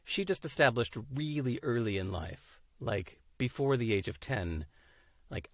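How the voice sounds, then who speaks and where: A man talking as a podcast guest, animated, laughing often and acting out the voices of people he quotes. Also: medium pitch, a little slow, dry recording. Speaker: interview guest. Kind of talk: casual podcast conversation.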